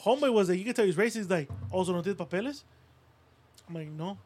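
A man's voice: high-pitched, lively intonation, fast talker, a little mellow, slightly rough, soft background music. A man in his thirties co-hosting a podcast, telling crude stories with lots of swearing and quoted voices. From Puerto Rico. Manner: profane storytelling, mimics people in quotes. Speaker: podcast co-host. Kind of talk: casual chat.

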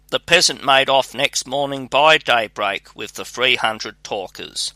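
A man narrating a fairy tale in a measured, even read-aloud manner. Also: mid-range voice, no room sound. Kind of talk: storybook narration.

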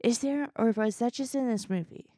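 A woman's voice: a little high, moderate pace, mellow, no echo, studio quality. A woman co-hosting a comedy podcast, chatting about a movie in a giggly way and trailing through her thoughts. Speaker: podcast co-host. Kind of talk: casual comedic movie review chat.

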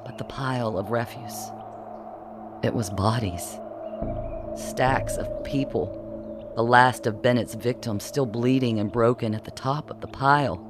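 A man narrating a dark first-person story in a measured, somber way. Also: medium pitch, music in the background. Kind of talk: scripted audiobook narration.

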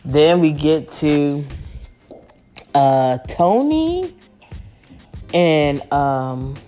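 Woman rambling to her viewers at home, slow easy pace, bouncy up and down voice. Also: low-pitched, animated, mellow, faint music behind. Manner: chatty, rambling, many fillers and restarts; talks to her audience as y'all. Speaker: vlogger recapping a reality show. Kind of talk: casual chat to viewers.

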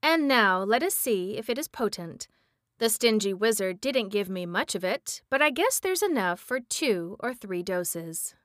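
A woman doing a shrill old witch, Mombi. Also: sing-song, a little slow, fairly bright tone, dry recording, clean studio sound. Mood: gleeful. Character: scheming old female witch.

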